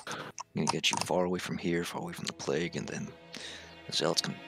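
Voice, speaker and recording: A man's voice: deep voice, flat delivery, fast, vocal fry, music in the background. A man playing a tabletop role-playing game, speaking in character as he talks to the group. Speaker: player.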